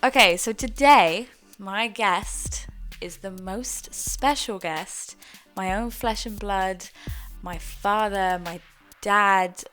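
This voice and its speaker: A woman's voice: medium pitch, takes it slowly, a bit bright, soft background music. A young woman, introducing her podcast in a chatty, earnest way that is a little self-mocking. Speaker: podcast host.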